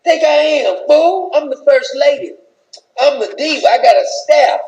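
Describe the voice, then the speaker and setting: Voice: sits high, expressive, normal speed, darkish tone, reverberant, lo-fi sound, pitched above the performer's own voice. A speaker doing an impression of an angry first lady, sassy and scolding with repeated name-calling.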